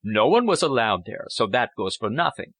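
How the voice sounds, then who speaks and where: A man's voice: medium pitch, big pitch swings, normal speed, fairly bright tone, no echo. A man playing a poor, lovesick young officer who talks in a brooding, earnest way. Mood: gloomy.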